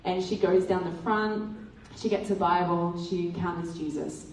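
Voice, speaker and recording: A woman giving a testimony sermon at church, telling a lively story and acting out the dialogue. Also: lowish voice, moderate pace. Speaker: church speaker. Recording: roomy hall from a distant mic.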